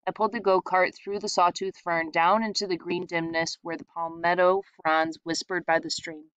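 A woman reading a short story aloud in a steady, reflective storytelling manner. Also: on the low side, no room sound. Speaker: reader. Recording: dull lo-fi sound.

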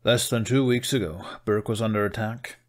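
A man reading a fan fiction story aloud, voicing a stern, weary village chief who speaks in a firm, measured way. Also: fairly low pitch, pitched above the performer's own voice, close to an everyday voice.

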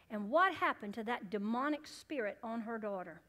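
A woman pastor preaching a sermon, swinging between loud emphatic bursts and hushed, low asides. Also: animated, moderate pace.

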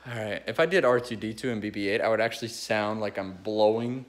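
Young man, low-ish voice, rambling amateur impressionist, phone recording. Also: quick pace. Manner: rambling, restarts often, eager. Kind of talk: casual chat between impressions.

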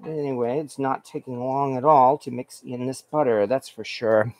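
A man's voice: medium pitch, fairly even intonation, moderate pace, darkish tone, dry recording. A man hosting a home cooking stream, talking casually and rambling with lots of fillers and restarts while he cooks at his stove and reads viewer comments. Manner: rambling, filler-heavy, self-correcting. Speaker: cooking show host.

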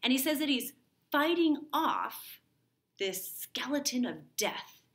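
Slow-talking woman teacher retelling a play. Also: sits high, very animated, a bit bright. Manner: conversational retelling with fillers. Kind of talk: literature lesson summary.

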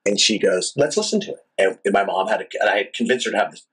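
A rock singer guest telling a long, animated, profane story in a casual interview. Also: male voice, deep voice, quick pace, husky, poor audio. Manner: animated, profane, rambling anecdotes.

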